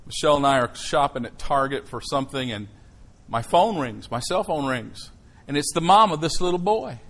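A middle-aged male preacher tells a story from the pulpit with a fairly high voice. He swings from near-whispers to loud outbursts to stir his congregation. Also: normal speed, low-quality recording. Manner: animated storytelling, swinging from hushed to shouting. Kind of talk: sermon with personal story.

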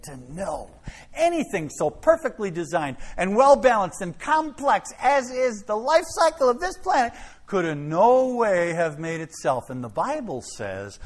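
A middle-aged man preaching, telling a story in an animated, dramatic way. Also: sits high. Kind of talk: sermon storytelling. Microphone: filmed by a camera operator.

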